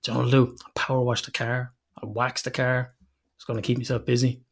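An Irish man hosting a relaxed, laughing chat. He tells stories, drops swear words freely and slips into voices for the people he quotes. His delivery stays loose and chatty. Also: mid-range voice, quick pace, husky. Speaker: podcast host. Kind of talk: casual chat.

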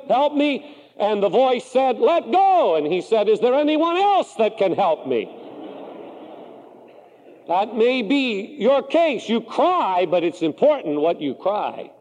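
Preacher, male, Pacific Northwest, high animated delivery, churchy hall echo. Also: dull audio. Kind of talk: sermon.

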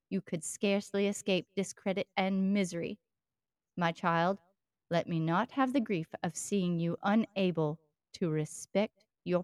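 A woman's voice: fairly low pitch, darkish tone, dry recording, natural voice. A woman reading aloud as an old English father, in a put-on British accent, earnestly advising his daughter. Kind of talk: dramatic reading of a novel passage.

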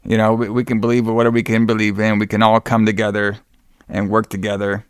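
Rambling man, smooth clear voice. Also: on the low side, fast, dry recording, studio quality. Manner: rambling, lots of "like" and restarts, excitable. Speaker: podcast co-host. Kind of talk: casual chat recapping a wrestling show.

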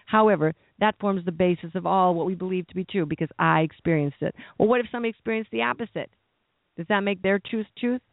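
A fast-talking man with a high, creaky voice preaches a conversational sermon, wandering into asides and asking his listeners questions. There's no echo, and the sound is dry and narrow like a phone.

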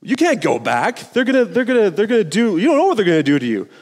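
A scheming lion villain, put on by a young preacher, pushes hard and grows loud and urgent. The voice rides higher than his normal talk, ringing with a long hall echo. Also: wildly swooping pitch, quick pace, exaggerated voice. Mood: urgent menace. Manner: urgent, pressing, rising to loud.

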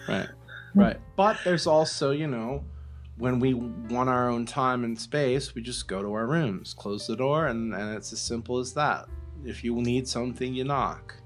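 An easygoing man co-hosting a podcast chats casually and often stumbles over the first words of a sentence before going on. His voice sits at a middle pitch for a man. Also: a little slow, soft background music. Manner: easygoing, repeats words when starting sentences. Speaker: podcast co-host. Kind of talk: casual chat.

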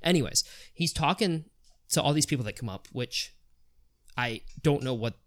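A man telling a story on a podcast, animated and swearing, acting out the people he quotes. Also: a little high, normal speed. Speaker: podcast host. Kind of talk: casual storytelling chat.

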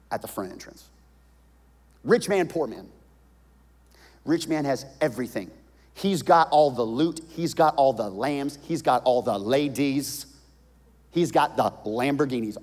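A man preaching a sermon, retelling a story dramatically and swinging between hushed and loud delivery. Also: medium pitch, in a large hall.

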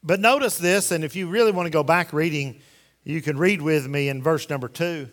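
A man's voice: on the high side, fairly quick. A man preaching a sermon in a church, folksy and emphatic, firing rhetorical questions at the congregation. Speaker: pastor. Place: church sanctuary. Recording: long hall reverb.

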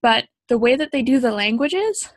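A woman's voice: fairly high pitch, lively intonation, moderate pace, no room sound. A young woman from Canada co-hosting a casual chat, talking with many ums and likes. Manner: chatty, frequent ums and likes.

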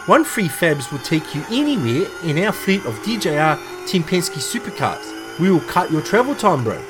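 A man's voice: a little high, very animated, normal speed, over music, voice pushed up. A man voicing a pushy male taxi company announcer in a put-on New Zealand accent, keeps saying bro. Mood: salesy.

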